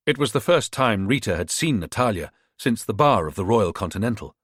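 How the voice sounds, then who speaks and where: Lively low-voiced male audiobook narrator. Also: fairly quick, few pauses, slightly rough, no room sound, studio quality.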